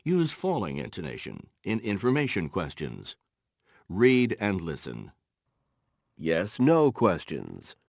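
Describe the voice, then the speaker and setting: A man narrating textbook exercises in a slow, instructional way, with a gravelly voice. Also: sits low, wildly swooping pitch, no room sound, clean studio sound. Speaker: course narrator.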